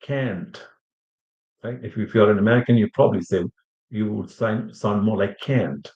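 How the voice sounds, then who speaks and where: Lowish and a little mellow, this language teacher's voice keeps fairly even intonation at a fairly quick pace. He rambles through his classroom lecture with fillers and restarts, asking students questions along the way, recorded in an echoey room with muffled sound.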